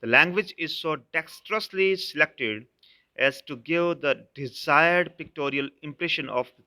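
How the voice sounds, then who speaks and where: A man with an Indian English accent, a professor giving a recorded literature lecture, explaining slowly and repeating each term. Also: on the high side, pushed and bright. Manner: addresses students as "dears".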